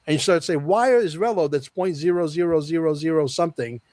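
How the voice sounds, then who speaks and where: A man's voice: on the high side, fast, a little mellow, no room sound. Emphatic man with a dry close sound. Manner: emphatic, repeats key phrases, confident predictions. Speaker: podcast guest. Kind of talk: casual podcast conversation.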